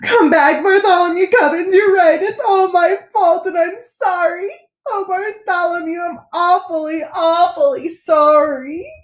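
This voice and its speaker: A woman's voice: mid-range voice, fairly even intonation, a little slow, a little mellow, natural voice. A woman voicing a proud old king in a read-aloud picture book, speaking in a commanding, bellowing manner. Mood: tearful. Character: proud old male king, pompous then tearful. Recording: echoey room.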